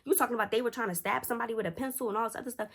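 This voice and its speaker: A woman voicing an indignant, flustered mother who protests in a shrill, raised voice. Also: rapid-fire, a bit bright. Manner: shrill, disbelieving.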